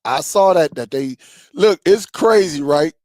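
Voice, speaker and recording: A man's voice: a little high, lively intonation, a little slow, darkish tone, no room sound. A man hosting a casual live stream, reading viewer comments and bantering with loose, laughing slang.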